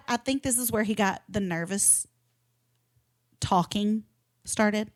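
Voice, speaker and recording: With a fairly high voice at normal speed, a female podcast co-host recounts a story in relaxed conversation. She gets animated, performs other people's lines, and mixes in swearing and laughter.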